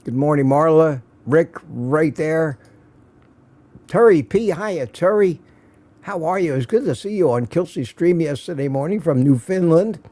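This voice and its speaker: A man's voice: on the high side, a little slow, mellow. A man hosting a casual morning livestream from his home studio, greeting viewers by name and reading out their comments with jokes. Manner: chatty, jokey, reads out viewer comments.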